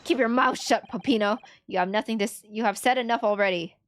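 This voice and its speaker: A woman's voice: on the high side, quick pace, faint music behind, natural voice. A woman voicing a curt, bossy male gang boss who speaks dismissively.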